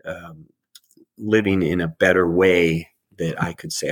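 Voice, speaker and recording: A man's voice: low-pitched, fairly even intonation, unhurried. A middle-aged man, an author and life coach, talking reflectively in an interview and often repeating words as he restarts.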